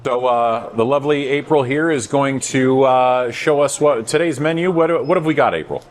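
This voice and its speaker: A man in his thirties hosting a casual food review vlog, playful and self-mocking with deadpan jokes. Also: medium pitch, normal speed, slight background noise. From United States. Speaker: host.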